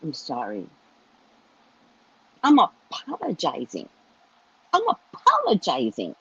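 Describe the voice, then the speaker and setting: A middle-aged woman tells a story straight to her viewers, chatty and full of asides. Her voice is husky and swoops widely up and down. The recording is dry and a little dull. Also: low-pitched, slow pace, dry recording. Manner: animated, chatty storyteller with frequent swearing and self-asides. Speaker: psychic reader and show host.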